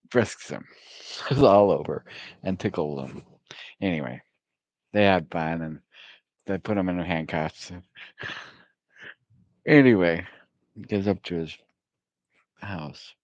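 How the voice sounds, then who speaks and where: A man with a very deep voice tells a personal faith story, wandering off course with halting ums and soft chuckles. The sound is dry and close, with no room around it. The recording is dull and lo-fi. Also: no echo. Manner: rambling, halting, with many fillers and chuckles.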